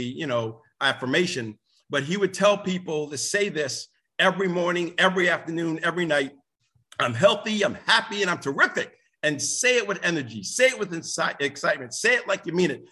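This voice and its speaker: A man giving a live motivational talk to an audience, energetic and rambling, with many restarts and sudden excited outbursts. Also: breathy edge. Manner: energetic, jumps to high excited shouts. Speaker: motivational speaker.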